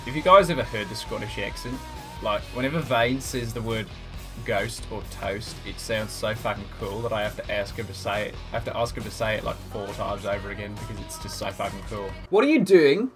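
A man's voice: fairly low pitch, steady tone, a little fast, bright, forceful tone, soft background music. A young man swearing and bantering while doing comic impressions of his gaming friends over gameplay. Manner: profane, rowdy banter.

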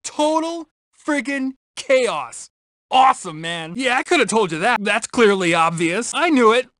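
A cocky dropout thug. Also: male voice, extremely high pitch, sing-song, a little slow, fairly bright tone, dry recording, studio quality, heavily acted. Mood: bragging. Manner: cocky, bragging and taunting. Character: boastful dim-witted teen dropout thug, male. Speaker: game character. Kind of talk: video game voice lines.

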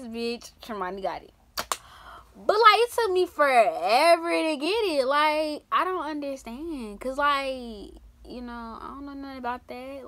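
A young woman vlogger telling a story casually, full of slang, swinging from loud outbursts to hushed asides. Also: high voice.

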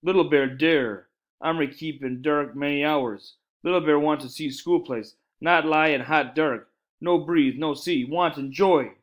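A man's voice: fairly high pitch, a little slow, natural voice. A man voicing a stubborn tiny toy warrior who talks in clipped, broken phrases.

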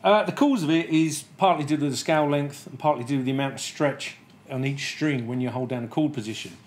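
A man's voice: medium pitch, a little fast. A man working as a guitar technician, explaining intonation fixes in a plain, methodical way with frequent fillers. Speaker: guitar tech.

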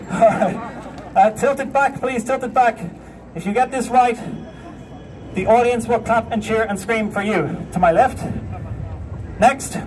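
A street performer in a city runs a comic outdoor show, cracking jokes and ordering his volunteers about in a very high voice. It's recorded from a distance amid the crowd, with people laughing and street noise all around.

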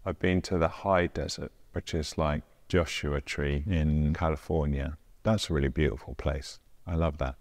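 A man's voice: a bass voice, steady tone, normal speed, hardly any pauses, darkish tone. A man, a visual artist, casually talking through his own works in a gallery, thinking aloud with dry, self-deprecating humor. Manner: rambling, thinking aloud with hedges.

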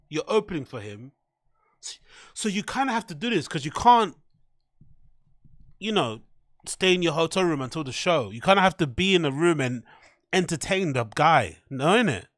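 A man's voice: a little high, a bit bright, no echo, studio quality. A man giving casual, slangy reaction commentary, laughing and sounding incredulous at what he watches. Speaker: streamer reacting to clips.

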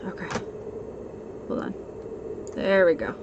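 A woman's voice: fairly low pitch, expressive, slow, lo-fi sound. A woman streaming a horror game live, frightened, swearing and repeating herself. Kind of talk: live horror gameplay commentary. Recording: noisy stream audio.

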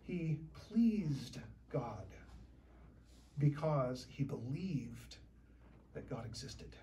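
A woman preaching a sermon in a church, talking in a conversational, lively way with shifting loudness. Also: very deep voice, extremely slow, recorded from a distance, a little hiss or hum.

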